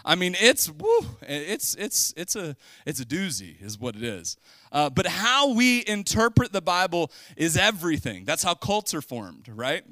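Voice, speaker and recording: A man's voice: a little high, wildly swooping pitch, a little slow, bright, forceful tone, dry recording. A middle-aged man preaching a casual, joking sermon in a church, talking conversationally and rising into bursts of emphasis. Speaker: pastor. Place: church sanctuary.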